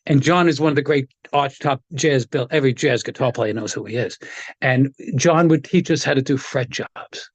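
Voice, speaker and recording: A man's voice: mid-range voice, moderate pace, no echo. A middle-aged man, a guitar tech and interview guest, telling rambling anecdotes with frequent laughs and acting out the voices of the people he quotes. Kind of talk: casual storytelling interview.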